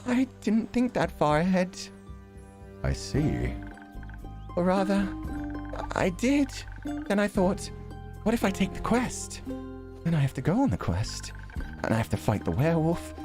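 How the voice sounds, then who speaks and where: A man's voice: high voice, wildly swooping pitch, a little slow, long pauses, music in the background, pitched above the performer's own voice, full character voice. A man voicing an eager young elf adventurer in a fantasy game who rambles and stammers nervously. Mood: hesitant. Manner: hesitant, stammering, talks itself in circles.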